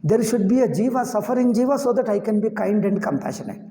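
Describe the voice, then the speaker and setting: A man gives a spiritual discourse in a mellow, gravelly voice. He explains patiently, repeating phrases and chuckling at his own points. The sound is roomy, with a long hall reverb. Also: sits high, animated, fast. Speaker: Vedanta teacher.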